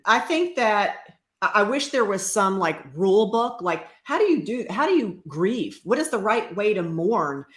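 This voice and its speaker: A woman's voice: medium pitch, sing-song, moderate pace, echoey room. A woman guest on a talk show, earnestly telling the story of her grief and faith in a reflective way.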